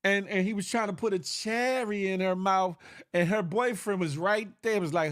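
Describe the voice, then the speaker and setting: A man's voice: high-pitched, normal speed, fairly bright tone, no echo, clean studio sound. A male morning show host chatting casually on a livestream, joking in slang and greeting viewers by name.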